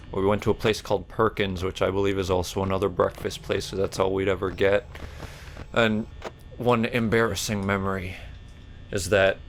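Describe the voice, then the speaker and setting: Male let's player, low gravelly voice, rambling jokey gameplay commentary, burpy, yelps high when startled. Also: a little hiss or hum. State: burpy while talking.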